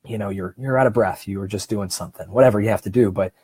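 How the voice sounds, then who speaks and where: A man speaking in a warm, mellow voice as he leads a relaxed self-help seminar. He talks to the audience directly and encouragingly, with plenty of restarts and slowed-down emphasis. The sound is dry and close, with no room echo. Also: on the low side, breathy edge. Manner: conversational and encouraging, with frequent restarts and slow, deliberate stretches. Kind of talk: casual seminar talk.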